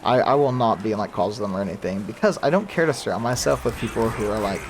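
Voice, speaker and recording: A man's voice: on the low side, lively intonation, fast talker, a little hiss or hum. A young man in casual let's-play commentary, chatty and rambling with fillers and laughs. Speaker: gaming YouTuber.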